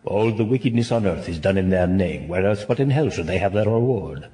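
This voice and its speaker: A man's voice: low voice, lively intonation, brisk, warm tone. An actor playing a weary, sardonic nobleman damned to hell, in a classic stage-play delivery. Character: weary, ironic damned nobleman, male adult.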